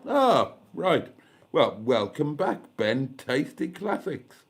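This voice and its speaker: Speaking slowly but with lots of animation, a man with a mid-range voice and a stuffy head cold chats casually on a live stream. He's in a caravan with a gas fire, reading comments aloud and adding dry, self-mocking asides.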